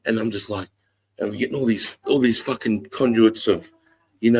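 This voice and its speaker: A middle-aged Australian man with a very low voice tells a long story on his livestream. He rambles, swears freely and gets animated as he relives it. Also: moderate pace, husky. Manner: rambling, profane, animated retelling. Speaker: livestream host.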